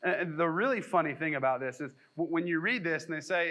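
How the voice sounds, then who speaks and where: A man's voice: on the high side, fairly quick, sharp tone, low-quality recording. A man preaching a sermon at a church as pastor, conversational and joking, acting out quotes in mock voices.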